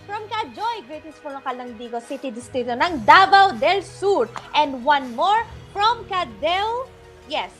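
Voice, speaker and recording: A young Filipino-accented woman co-hosts a live show, reading out viewer greetings in a high, sing-song, slightly slow voice. She's bubbly and giggly, mixing English with Tagalog, while faint music plays behind her.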